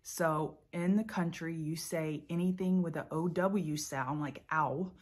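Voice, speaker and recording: A woman's voice: low voice, steady tone, unhurried. A woman from central Louisiana speaking in a rural Louisiana accent, chatting playfully to camera as a trading show host. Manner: playful, chatty, laughs often. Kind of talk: casual chat to camera.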